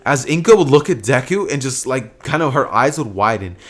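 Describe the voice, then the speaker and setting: A man's voice: mid-range voice, sing-song, a little fast. A man casually narrating a fan story, rambling with lots of fillers and restarts.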